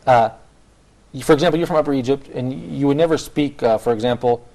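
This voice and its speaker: Fast-talking man hosting a panel. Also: mid-range voice, warm tone. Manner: quick, chatty, lots of restarts. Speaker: host. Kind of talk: casual panel discussion.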